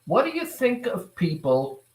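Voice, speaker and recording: A man giving a motivational talk to viewers, speaking deliberately and repeating phrases, often putting questions to the audience. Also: sits high, huge pitch swings. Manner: deliberate, repetitive, asks the audience rhetorical questions. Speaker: self-improvement speaker. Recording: roomy echo.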